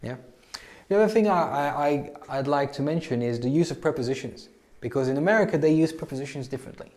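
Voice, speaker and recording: A man's voice: on the high side, quick pace, a little mellow. A man teaching English to learners in a casual spoken lesson, talking with frequent restarts and repeated words.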